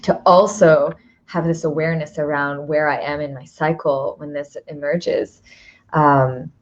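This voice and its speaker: A woman's voice: deep voice, fairly even intonation, a little slow. Woman host, reflective, laughs easily, casual chat, slightly muffled recording. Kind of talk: casual conversation.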